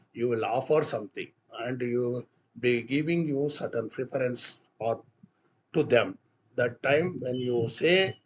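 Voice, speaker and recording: Husky-voiced teacher, mid pitch, walks learners through phrases with pauses. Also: male voice. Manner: halting, explains with many restarts and fillers. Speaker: English teacher. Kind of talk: spoken English lesson.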